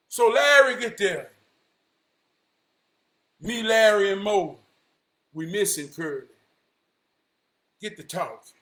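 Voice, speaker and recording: A man telling a long casual story, animated, often shouting and slipping into the voices of his friends. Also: high voice, takes it slowly, long pauses, reverberant.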